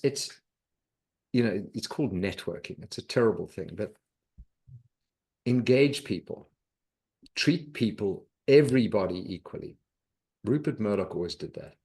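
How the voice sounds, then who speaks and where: A middle-aged man, a podcast guest telling lively anecdotes. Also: fairly low pitch. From South Africa. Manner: lively anecdotal storyteller, acts out quoted voices. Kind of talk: storytelling in a podcast interview.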